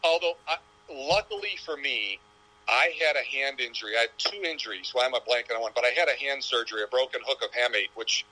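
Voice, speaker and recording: A man's voice: medium pitch, fast talker, pushed and bright, low-quality recording. A man in his sixties, a golfer guest in an interview, talking in a rambling, reflective storytelling way. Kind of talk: casual interview chat.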